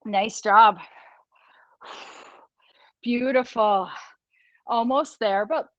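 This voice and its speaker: A woman instructor with a high voice leads an online workout at a relaxed pace. She counts down reps, cheers the class on and laughs easily. The sound is dry and a little dull, like a streamed call. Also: drawn-out words, no echo. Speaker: fitness instructor. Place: small studio room.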